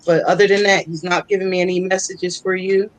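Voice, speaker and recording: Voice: medium pitch, level tone, brisk, dry recording, muffled recording. A psychic co-host giving a casual live reading, chatty and laughing often as they relay messages from spirits.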